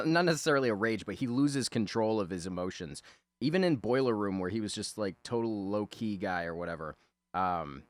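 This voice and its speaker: A man's voice: fairly low pitch, no room sound. A man rambling casually and profanely as he talks over his drawing, chuckling often. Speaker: artist talking over a drawing.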